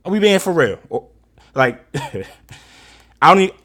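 A man's voice: high voice, animated, normal speed. A man co-hosting a sports talk show, ranting angrily and profanely about his team's coaching and drafting. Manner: angry, profane ranting, rising to shouts. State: fired up and frustrated. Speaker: sports podcast co-host. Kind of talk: heated casual sports rant.

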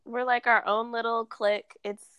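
A woman's voice: on the high side, little pitch movement, normal speed, sharp tone, clean tone, no echo. A woman guest on a podcast, in casual chat, emotional and giggly, using slangy speech. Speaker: guest, business owner.

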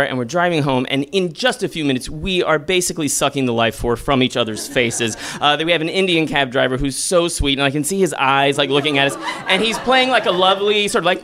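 A young man telling a self-deprecating comic story live, acting out quoted lines with sudden high squeals. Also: background noise.

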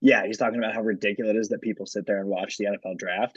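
A man's voice: fairly low pitch, steady tone, racing, slightly rough, no room sound, dull audio. A man co-hosting a podcast, chatting casually about sports and leaning on lots of filler words. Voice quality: frequent filler words and restarts. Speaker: podcast co-host.

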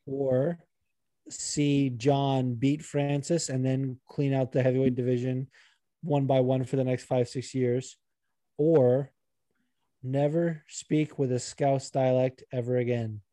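A man co-hosting a casual podcast who rambles along, swears freely and gets animated. His voice is warm and mellow. The recording is dry and close. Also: mid-range voice, slow, no room sound. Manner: rambling, profane, animated, puts on regional accents. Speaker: podcast co-host. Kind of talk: casual chat.

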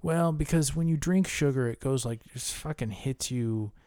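A man's voice: mid-range voice, normal speed, warm tone, dry recording, studio quality. A man co-hosting a casual podcast, ranting with heavy profanity. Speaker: podcast co-host.

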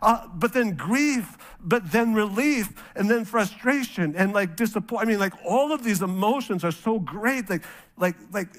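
Man, pastor, middle-aged, from North Dakota, high voice, animated storytelling sermon. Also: normal speed.

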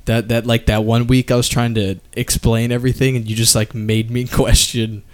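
A man's voice: mid-range voice, level tone, normal speed, clear, resonant tone. A young man chatting casually with friends on a podcast, laughing and swearing as he tells stories. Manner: laughing, swearing, slips into mock Canadian drawl. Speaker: podcast co-host. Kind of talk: casual chat among friends.

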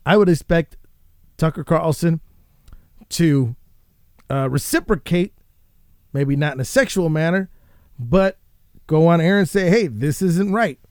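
A man's voice: fairly high pitch, unhurried, pauses often, clean tone, no echo. Ranting man with a dry close voice. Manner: animated, swearing, rambling with restarts. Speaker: podcast host. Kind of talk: ranting casual commentary.

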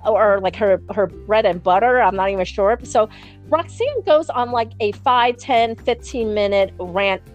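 A woman's voice: mid-range voice, measured pace, dull audio, soft background music. A woman telling a long gossip story in casual chat, swearing freely and acting out what others said. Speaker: podcast guest.

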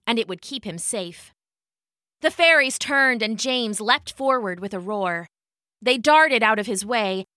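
A woman narrating a scripted spooky story in a measured, unhurried manner. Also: fairly high pitch, bright, forceful tone, dry recording, studio quality.

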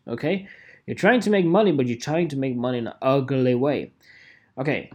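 A man hosting his own photography show, ranting casually and swearing, with lots of "okay?" checks. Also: breathy edge. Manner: animated, swearing, with lively swings in pitch and repeated "okay?". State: tired. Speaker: photography podcaster. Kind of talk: casual solo vlog rant.

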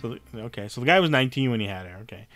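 A man co-hosting a casual podcast, reading odd news stories haltingly and laughing at them. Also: mid-range voice, expressive, a bit bright. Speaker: podcast co-host.

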